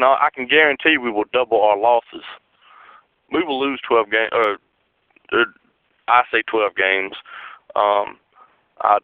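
A man's voice: medium pitch, clear, resonant tone, dry recording. A disgusted male caller venting and swearing about his team on a call-in show. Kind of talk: call-in rant. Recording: dry phone line.

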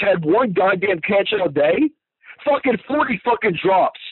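A man's voice: sits high, big pitch swings, measured pace, breathy edge, no echo. A man calling in to a fan radio show, ranting furiously with constant profanity. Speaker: caller. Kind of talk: angry fan rant over the phone. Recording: tinny phone line, dry.

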